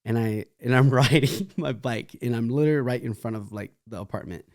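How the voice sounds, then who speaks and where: A young man from California, a dancer, telling lively stories in a casual interview with laughing asides and restarts. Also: mid-range voice, fairly quick, no echo, clean studio sound.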